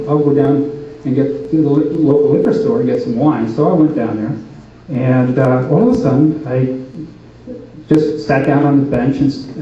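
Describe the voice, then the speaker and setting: A man telling jokes at a talent show in a stumbling, halting way, with restarts. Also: a little high, slight background noise. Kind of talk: stand-up joke telling. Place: large echoey camp hall. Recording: echoey hall from far off, dull camcorder sound.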